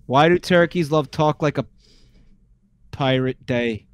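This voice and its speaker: A man on a stream reading out a list of jokes in a weary, deadpan way, sounding exasperated. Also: a little high, slow pace, clean tone, no room sound. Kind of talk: casual stream chat.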